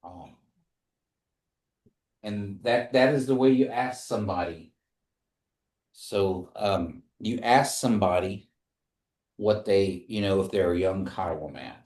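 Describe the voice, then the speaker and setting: A man teaching a language class, speaking slowly and patiently and repeating phrases for his students to say back. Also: on the low side, darkish tone, echoey room.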